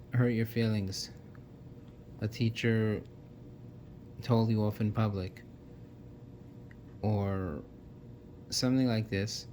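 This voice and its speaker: A man's voice: on the low side, darkish tone, slight background noise. A man giving an earnest, casual talk that lists points one by one, with frequent restarts. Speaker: self-help speaker. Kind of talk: casual explanatory monologue.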